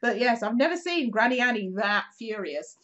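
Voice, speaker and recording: A woman, a regular on the show, telling a local anecdote in a chatty, animated way, acting out quotes with plenty of fillers. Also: fairly high pitch, moderate pace, muffled recording. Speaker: regular contributor. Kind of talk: casual storytelling chat.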